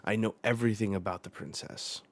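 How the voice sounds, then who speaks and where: A man's voice: fairly low pitch, fairly even intonation, fairly quick, a little hiss or hum, close to an everyday voice. Brook, a man reading as an earnest skeleton swordsman. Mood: indignant. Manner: indignant, protective, read aloud from a manga page. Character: courtly old male skeleton swordsman, earnest.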